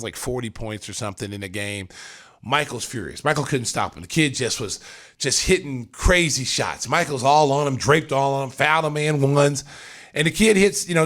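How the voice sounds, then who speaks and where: Animated man telling stories on a podcast. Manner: animated, acts out quotes with big jumps in pitch and volume. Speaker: podcast host and former pro player. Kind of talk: casual storytelling on a podcast.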